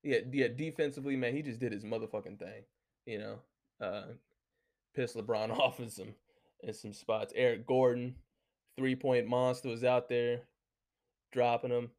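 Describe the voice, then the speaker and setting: A man's voice: medium pitch, fairly even intonation, normal speed, a little mellow. A man hosting a solo talk show, ranting casually and heatedly with constant swearing and lots of filler words. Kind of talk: casual profane rant.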